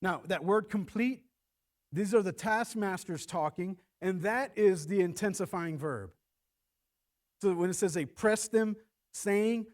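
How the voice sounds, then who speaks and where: A middle-aged man preaching a sermon in church, animated and acting out quoted lines in shifting voices. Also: high voice, measured pace. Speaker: pastor.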